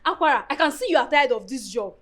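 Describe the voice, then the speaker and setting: A woman's voice: sits high, lively intonation, fast. An actress in a film playing a haughty woman of the house who scolds and threatens a servant, with a Nigerian accent. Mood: threatening. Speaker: employer's sister-in-law. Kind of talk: film acting.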